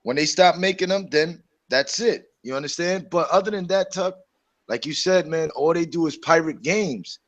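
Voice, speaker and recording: Man, high register, preachy, animated co-host. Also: moderate pace. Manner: animated, preachy, mocks others in a put-on voice. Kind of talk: casual gaming chat.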